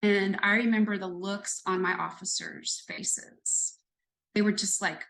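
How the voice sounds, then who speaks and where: A woman's voice: mid-range voice, steady tone, a little slow, vocal fry, a bit bright, poor audio. A woman in her fifties, a retired police lieutenant, speaking as an interview guest. She tells a story in an earnest, reflective way, building it step by step. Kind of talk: conversational storytelling in a podcast interview.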